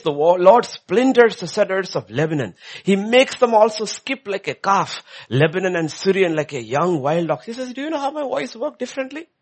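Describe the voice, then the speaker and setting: A male preacher giving a sermon, swinging between hushed lines and loud emphatic ones. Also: on the high side, husky.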